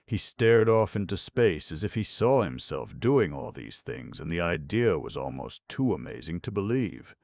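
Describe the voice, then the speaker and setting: A man narrates a storybook in a steady, measured reading. His voice is extremely low with a gravelly edge. The recording is dry and close, with no room sound. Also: dry recording. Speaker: audiobook narrator.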